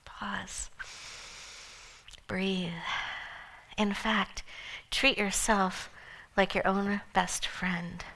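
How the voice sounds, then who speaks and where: A woman voicing her own loving elderly grandmother, speaking tenderly and softly with gentle wisdom. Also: mid-range voice. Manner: tender, soothing, soft-spoken.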